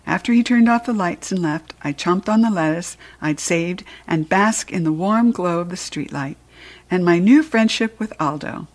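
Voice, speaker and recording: A woman's voice: lowish voice, moderate pace. Woman reading a children's storybook. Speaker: narrator. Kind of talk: storybook read-aloud.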